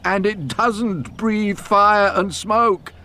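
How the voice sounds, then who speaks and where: A man's voice: high voice, takes it slowly, bright, forceful tone, a little hiss or hum, voice pushed up, heavily acted. A man voicing a cheerful, reassuring signalman who chuckles as he talks, in a storybook. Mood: jolly. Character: jolly, chuckling male signalman.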